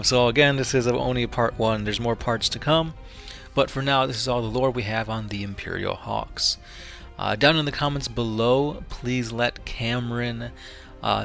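A man's voice: medium pitch, vocal fry, a bit bright. A man hosting a channel, reading fan-written lore and closing with a casual sign-off. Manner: casual, filler-heavy sign-off. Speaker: channel host, lore reader.

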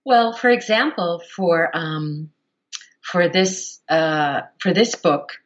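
A woman audiobook narrator, a guest on a podcast, explaining her craft at length with expressive, shifting emphasis. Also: on the low side, slow, muffled recording. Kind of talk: podcast interview answer.

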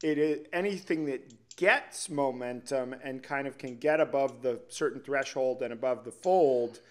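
A man's voice: medium pitch, moderate pace. Man, podcast host, casual chat, agreeable, builds on guest's ideas.

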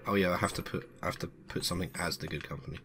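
A man's voice: sits low, rapid-fire, a bit bright, slight background noise. A man hosting a let's play, chatting casually and joking as he plays. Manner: chatty, joking, reads game text aloud. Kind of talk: casual gameplay commentary.

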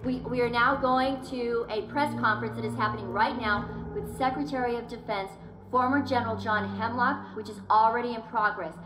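A woman's voice: a little high, fairly even intonation, a little fast, reverberant, background noise, lightly acted. Polished female news anchor, voiced by a woman. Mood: urgent. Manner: smooth, polished broadcast delivery.

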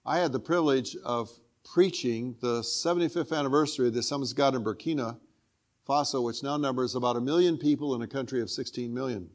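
Older male guest preacher, mid-range voice, earnest storyteller, goes hushed at the moving parts. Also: mid-range voice, fast. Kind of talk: sermon.

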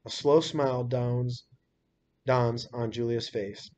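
A male teacher reading a novel aloud in a steady, unhurried storytelling manner, in a dull lo-fi recording. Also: medium pitch.

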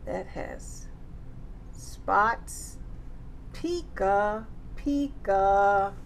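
A woman's voice: medium pitch, drawn-out words, creaky, slight background noise. A woman teaching circle time to young children, singing nursery songs and reading a picture book with playful animal sounds. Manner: playful, sing-song, animal sounds and big exclamations.

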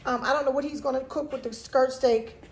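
A woman's voice: high-pitched, fairly even intonation, a little fast, darkish tone. A woman hosting a casual grocery haul video at home, chatting straight to her viewers. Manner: chatty, keeps addressing viewers directly. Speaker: vlog host.

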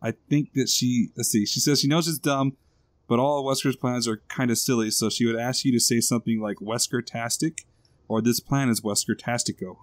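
A man's voice: mid-range voice, steady tone, a little fast, dry recording. A man hosting a podcast, enthusiastic and reading out listener questions. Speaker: podcast host. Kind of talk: casual podcast interview.

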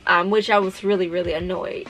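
A woman's voice: on the low side, steady tone, a little fast, fairly bright tone, low-quality recording. Blunt, profane young woman telling a story. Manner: blunt and profane, talking straight to viewers. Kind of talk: story time vlog. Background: faint background music.

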